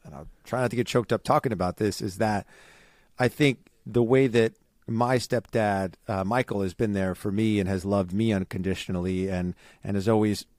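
A man co-hosting a podcast, talking earnestly in a halting way with many restarts. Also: on the low side, fairly even intonation, a little mellow, no room sound, studio quality. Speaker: podcast co-host. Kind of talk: casual chat.

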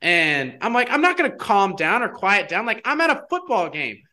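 A young man chatting casually as a guest, telling a personal story in an animated way, full of "like" fillers. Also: high-pitched, moderate pace. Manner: animated, heavy use of "like" fillers.

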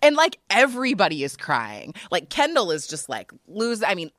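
Animated woman recapping with lots of feeling. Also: mid-range voice, moderate pace, no echo, clean studio sound. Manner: animated storytelling, emotional, many fillers. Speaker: podcast co-host. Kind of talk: casual recap chat.

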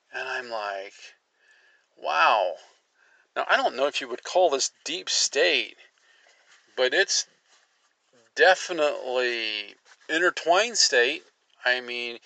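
A man with a gravelly, creaky voice and a tense, sharp edge, hosting a commentary show. He reads articles aloud and keeps interrupting them with sarcastic remarks, his pitch leaping when he gets worked up. The recording is dry and close. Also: no room sound, rough recording. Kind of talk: opinionated political commentary, reading articles aloud.

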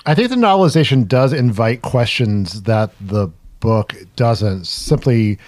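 A man talks haltingly in a relaxed podcast discussion, pausing and searching for words. The sound is dry and close, with no room echo. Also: medium pitch. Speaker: podcast co-host. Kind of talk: casual discussion.

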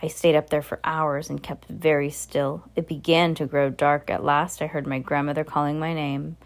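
Woman narrator, low voice, amateur storybook read-aloud with slips. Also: flat delivery, normal speed. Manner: earnest, with small slips and restarts. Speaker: reader. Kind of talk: reading a children's novel aloud.

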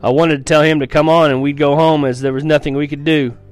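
A man's voice: fairly high pitch, fairly even intonation, fast talker. A man reading a first-person novel aloud in an earnest storytelling manner, with small stumbles and restarts. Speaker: reader of a novel.

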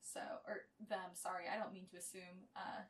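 A woman's voice: on the low side, flat delivery, normal speed, far from the mic. A young adult woman on a podcast, chatting casually and reading fan fiction aloud, chatty and giggly with lots of fillers. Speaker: podcast co-host.

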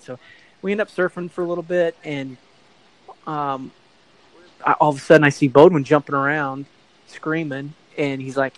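A man's voice: on the high side, steady tone, normal speed, no room sound, low-quality recording. A middle-aged man telling a long anecdote in a casual interview, rambling and correcting himself as he goes. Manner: rambling, self-correcting storyteller who acts out quoted voices.

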